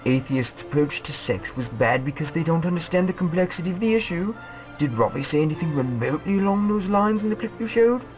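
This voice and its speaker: A man's voice: on the high side, lively intonation, fairly quick, a little mellow, muffled recording, soft background music, voice pushed up, close to an everyday voice. A man putting on a quasi-British accent to voice a prim male debate opponent in a lecturing, parodying tone. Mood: haughty. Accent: put-on quasi-British.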